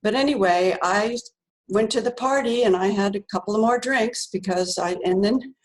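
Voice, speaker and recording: A woman's voice: medium pitch, normal speed, low-quality recording. An older woman, a guest author, telling a story in a chatty way, laughing often and using many fillers. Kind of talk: animated storytelling.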